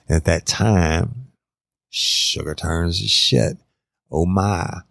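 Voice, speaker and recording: A man's voice: sits low, slow pace, creaky, a bit bright, no room sound, studio quality. A man telling a true crime story in a casual, conversational way, addressing his listeners directly.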